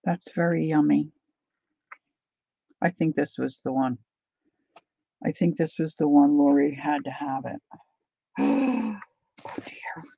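A woman hosting a casual live chat with her viewers, talking them through things as she unpacks and sometimes dropping to a soft whisper. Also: low voice, fairly even intonation, unhurried, vocal fry, long pauses, husky, no echo, dull audio. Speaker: livestream host.

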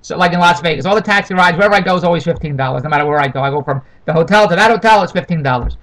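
A man's voice: a little high, very fast, fairly bright tone, rough recording. A middle-aged man rambling through a comic, complaining monologue, repeating himself and wandering off on tangents. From Toronto. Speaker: vlogger.

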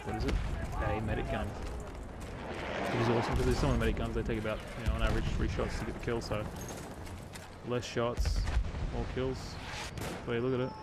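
Heavy background noise surrounds this Australian gaming streamer, with shooter-game gunfire and explosions clearly heard as he chats casually, greets viewers by name and says "mate" a lot. His medium-pitched voice holds a level tone, a little fast, broken by long pauses.

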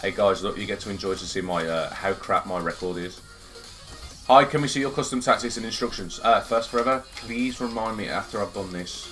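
A man streaming a football video game live, chatting excitably with viewers and swearing in casual banter. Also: on the low side, fairly quick. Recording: loud game music behind.

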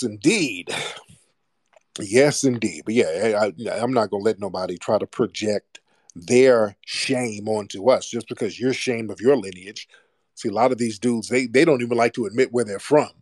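A male call-in host who speaks bluntly and swears often, fired up as he rants. His voice sits at an ordinary middle pitch. It is recorded dry and close, with no room sound. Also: a little mellow, dry recording. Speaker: host of a live audio call-in space. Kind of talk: heated call-in talk show.

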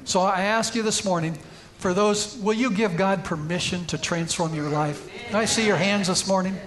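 Guy preaching in church, pretty high voice, tells stories then gets loud and punchy. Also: moderate pace, music in the background. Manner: storytelling preacher, rising to emphatic peaks. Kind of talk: sermon. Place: church sanctuary.

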